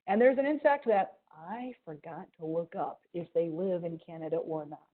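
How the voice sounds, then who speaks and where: A museum educator with a mild Ohio accent gives an animated, playful science lesson to children over a video call, adding little sound effects. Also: female voice, fairly low pitch, moderate pace. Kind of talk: live online science lesson for kids. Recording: tinny video call audio.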